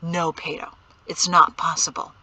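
A tense, low-voiced father who speaks in hushed, clipped warnings, as a woman reads him in an audiobook. The tone is bright and the recording is dry and close, with an unhurried delivery. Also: level tone, husky, no echo, full character voice. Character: stern worried father, middle-aged man. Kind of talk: audiobook character reading.

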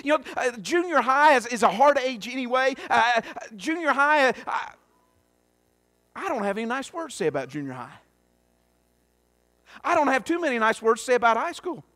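High-voiced folksy preacher man. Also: big pitch swings, moderate pace, long pauses, bright, forceful tone, no echo. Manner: folksy, earnest, with many restarts and asides. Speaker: pastor. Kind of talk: sermon and prayer. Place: church sanctuary.

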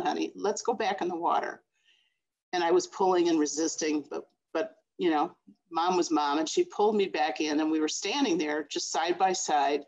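A woman from the Chicago area telling a personal childhood story over a video call, expressive and acting out voices. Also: sits low, highs cut off. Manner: expressive, acts out her mother's voice.

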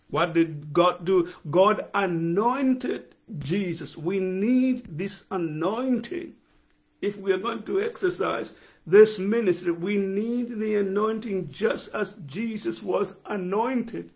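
Slow, high-voiced male preacher. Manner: emphatic, repeats key phrases and asks the congregation questions. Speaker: pastor. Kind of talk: sermon.

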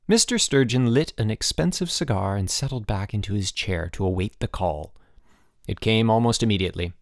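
A man reads a children's novel aloud as an audiobook narrator. His delivery is expressive, and his pitch moves a great deal. The recording is dry and close. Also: moderate pace, no room sound. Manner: expressive storytelling. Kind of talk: scripted narration.

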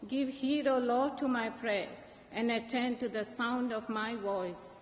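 A woman reads scripture at Mass slowly and carefully, in a fairly high voice. The church around her is echoey with a long reverb. A faint background noise runs underneath. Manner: slow, careful reading. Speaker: lector.

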